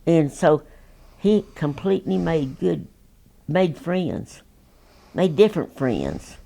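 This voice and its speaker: A woman's voice: low voice, sing-song, takes it slowly, vocal fry, mellow. A woman, telling oral history stories in a folksy, rambling, plainspoken way. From Texas. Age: 90s. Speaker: interviewee.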